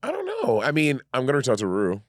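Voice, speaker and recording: A man's voice: mid-range voice, wildly swooping pitch, fast talker, no room sound, clean studio sound. A man co-hosting a podcast in casual, playful chat, laughing often and rambling through his thoughts. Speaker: podcast co-host.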